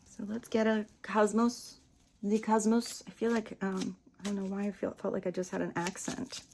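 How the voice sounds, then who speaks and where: A woman giving a casual tarot reading, gentle and chatty, dropping to soft near-whispers on spiritual lines and laughing often. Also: mid-range voice, level tone, normal speed, a little hiss or hum. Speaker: tarot reader. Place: home room with small table.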